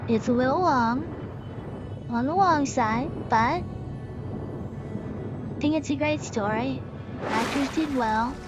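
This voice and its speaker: A woman streamer chatting as she plays, her high voice unhurried and loose. She rambles with plenty of fillers and a sarcastic edge, while game music plays clearly behind her. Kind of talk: casual chat while playing.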